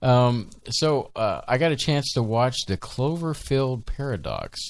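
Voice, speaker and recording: A man's voice: mid-range voice, big pitch swings, measured pace, no room sound. A man co-hosting a live show, chatting casually, rambling with many ums and restarts. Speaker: podcast co-host. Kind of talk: casual live-stream chat.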